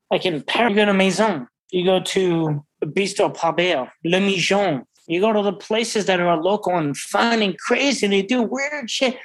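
A middle-aged man, a restaurant owner, talking brashly and profanely in a casual interview, full of excited stories. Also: fairly high pitch, low-quality recording. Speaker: restaurant owner and wine expert.

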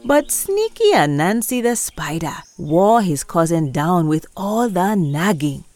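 A woman narrating a children's story in a bright, expressive way, her mid-range voice rising and falling with lots of movement. Soft music plays faintly underneath her storytelling. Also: on the low side, unhurried. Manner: lively, expressive, asks listeners questions.

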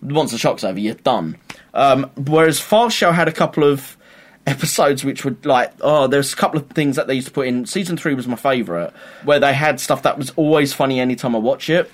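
Speaking in a mid-range voice at a fairly quick clip, this man co-hosts a podcast in a casual chat. He tells stories with animation, slipping into sketch voices as he goes.

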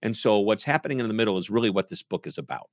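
A man, a book author, answering interview questions in a lively, joking way. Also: on the low side, no room sound, studio quality. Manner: animated, playful, jokes and puts on quick impressions. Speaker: author and podcast guest.

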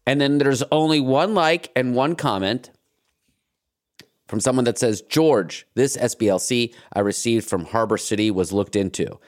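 A man with an ordinary mid-range voice hosts a comedy podcast. He narrates the story in a wry, sarcastic tone and keeps it casual. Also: mid-range voice. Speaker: podcast host.

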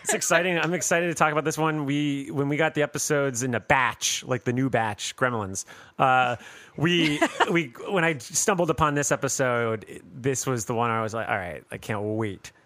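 A man's voice: medium pitch, normal speed, fairly bright tone, slight background noise. A man hosting a podcast in casual, rambling, jokey chat. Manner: rambling, jokey, laughs often. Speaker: podcast host.

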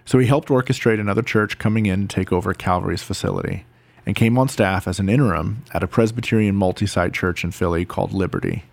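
A man reading scripted narration in a measured way. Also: fairly low pitch, gravelly, darkish tone, no room sound.

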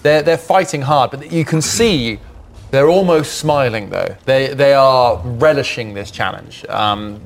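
A man's voice: mid-range voice, measured pace, vocal fry, a little hiss or hum. Hesitant male game master narrating. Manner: descriptive, hesitant with many ums.

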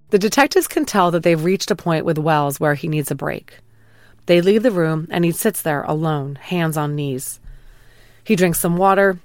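A woman hosting a true crime podcast, calmly reading a scripted retelling of a police interrogation. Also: low voice, no echo. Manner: calm, measured retelling of an interrogation, quoting lines plainly. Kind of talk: scripted narration.

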